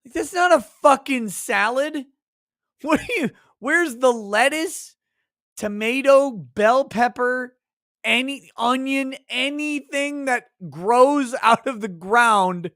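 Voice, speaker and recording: A man's voice: extremely high pitch, takes it slowly, sharp tone, no room sound, studio quality. A man hosting a livestream, in a casual, profane rant, crude and mocking. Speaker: livestream host.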